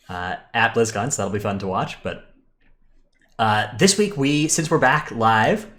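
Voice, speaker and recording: This man's lowish voice has a slightly bright quality. Co-hosting a gaming podcast streamed live, he keeps the chat casual and relaxed, full of filler words and restarted sentences.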